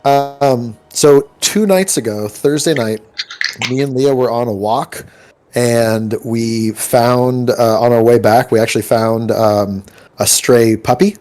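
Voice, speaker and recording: A man's voice: medium pitch, fairly even intonation, takes it slowly, darkish tone, faint music behind. A man chatting casually before a tabletop game, rambling through stories with lots of likes and ums. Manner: rambling storyteller, many likes and ums, acts out quoted voices.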